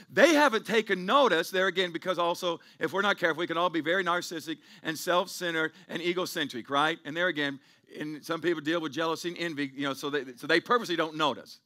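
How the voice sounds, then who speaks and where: A man's voice: sits high, pushed and bright. A middle-aged man preaching a sermon as pastor, rambling and repeating himself, then building to emphatic peaks.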